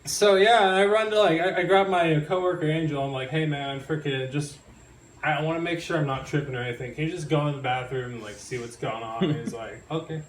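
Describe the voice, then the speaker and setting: Young male comic, high-ish voice, nervous giggles, frequent apologies; live room sound, distant mic, audible crowd. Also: fairly quick. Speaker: stand-up comedian. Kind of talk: stand-up set. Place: live comedy venue, audience in room. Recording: roomy live recording from a distance, crowd noise.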